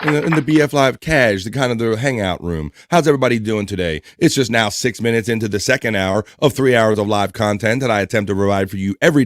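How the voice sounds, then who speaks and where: A man's voice: on the low side, dry recording. Chatty man hosting a livestream, dry sound. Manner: chatty, reads viewer comments aloud, laughs often. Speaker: livestream host. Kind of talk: casual livestream chat.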